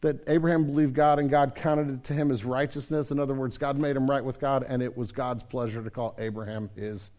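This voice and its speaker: A man preaching a sermon as a pastor, dropping to a hush and then building to loud, emphatic questions for his congregation. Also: medium pitch, fairly even intonation, brisk, few pauses.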